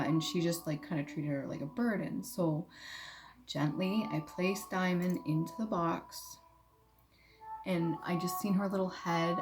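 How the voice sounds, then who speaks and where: A woman's voice: fairly low pitch, steady tone, moderate pace, noisy background. A young adult woman telling a personal story casually, blunt and candid, swearing freely. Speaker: vlogger. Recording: music playing behind.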